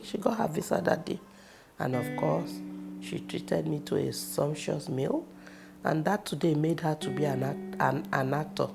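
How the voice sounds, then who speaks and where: Nigerian lady telling stories, lowish gravelly voice, guitar music playing under her. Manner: expressive, animated storytelling with sudden loud bursts. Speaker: actress in a personal interview. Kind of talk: casual personal storytelling.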